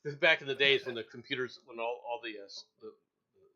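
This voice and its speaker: A man's voice: mid-range voice, fast, dull audio. A middle-aged man hosting a casual chat, telling a long story with lots of repeated words and acting out the people he quotes. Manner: animated, acts out quoted voices, laughs often, repeats words. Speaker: show host.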